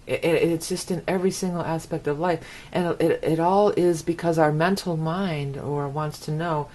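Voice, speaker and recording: Low-voiced rambling American woman. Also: fairly even intonation, moderate pace, a little mellow. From United States. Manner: rambling, repeats words for emphasis. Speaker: astrology forecaster. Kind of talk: casual monologue forecast.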